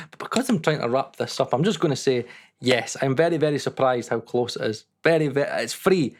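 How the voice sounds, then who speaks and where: A man's voice: medium pitch, expressive, brisk. A man hosting a mixing video, talking casually and candidly, with frequent ums and some swearing. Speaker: audio mixing youtuber. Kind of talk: casual talk to camera.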